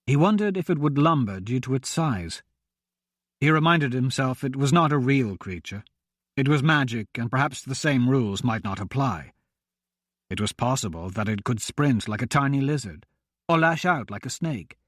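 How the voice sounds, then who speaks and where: A man narrating a fantasy audiobook in a measured, expressive reading. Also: medium pitch, no echo, studio quality.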